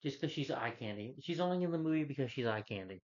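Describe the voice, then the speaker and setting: A man ranting through a movie review in a mid-pitched voice, blunt and meandering, circling back to the same points. The audio is a bit dull and lo-fi. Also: lively intonation, quick pace. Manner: blunt, rambling, repeats himself with filler yeahs. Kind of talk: unscripted rant review.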